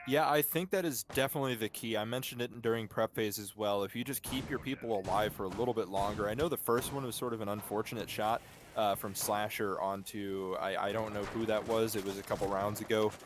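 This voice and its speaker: A man's voice: fairly low pitch, fairly even intonation, brisk, few pauses, background noise. A man giving analytical color commentary on a live esports match, breaking down strategy with enthusiasm.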